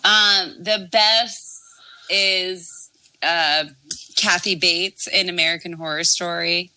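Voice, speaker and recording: A woman's voice: fairly low pitch, fairly even intonation, slow, bright, forceful tone, smooth, no room sound, low-quality recording. A woman in a casual podcast chat who corrects others firmly and laughs easily.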